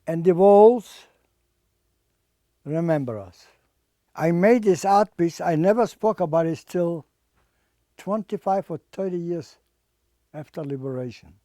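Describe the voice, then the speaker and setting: Older man, halting survivor testimony, slightly high, mellow voice, dry close sound. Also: no echo. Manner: halting, repeats words, plain non-native English. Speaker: Holocaust survivor and artist. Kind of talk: personal testimony.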